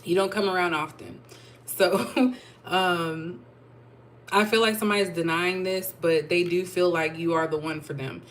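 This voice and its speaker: A woman's voice: fairly low pitch, steady tone, unhurried. A woman giving a casual tarot reading, chatting and thinking aloud with asides. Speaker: tarot reader.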